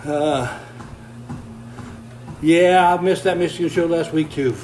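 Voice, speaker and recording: On a roughly recorded livestream with slight background noise, an older man reads viewer comments from his treadmill. His slightly high, somewhat mellow voice stays fairly even and slow. He's folksy and easygoing, chuckles often, and sounds a little out of breath.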